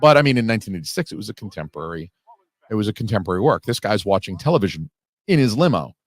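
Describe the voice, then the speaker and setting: A man's voice: lowish voice, sing-song, very fast, no echo. A man hosting a casual audio commentary on a film, talking in a rambling, analytical way with the odd swear word.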